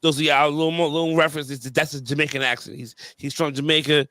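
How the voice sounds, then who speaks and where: A man's voice: fairly high pitch, fairly even intonation, fast talker, pushed and bright, no echo. A man hosting a podcast, telling stories in casual chat with heavy slang and fillers. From New York area. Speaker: podcast host.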